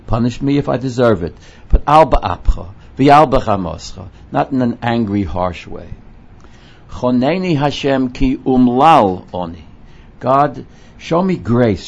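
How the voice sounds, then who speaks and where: Slow, gravelly man teaching Psalms. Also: lowish voice, darkish tone. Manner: translates Hebrew phrases slowly, repeating and rephrasing. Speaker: Torah teacher. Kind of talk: verse-by-verse Psalms lesson. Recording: dull lo-fi recording.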